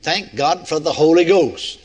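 A man's voice: fairly high pitch, measured pace, breathy edge. An older man preaching a sermon in a folksy way, often putting rhetorical questions to his congregation.

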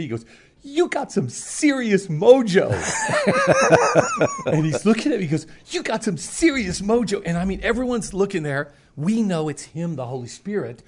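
A man's voice: mid-range voice, husky. A middle-aged man, a preacher, telling a personal testimony in casual talk and acting out the voices of the people in his story. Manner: animated storyteller, acts out quoted voices.

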